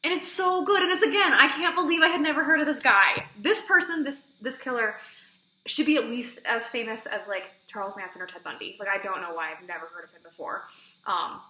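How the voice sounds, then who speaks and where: A woman's voice: a little high, brisk. Chatty woman in an echoey room. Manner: chatty, fillers of "like", excitable retelling. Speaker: book reviewer. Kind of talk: casual vlog book review. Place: room at home with a bookshelf.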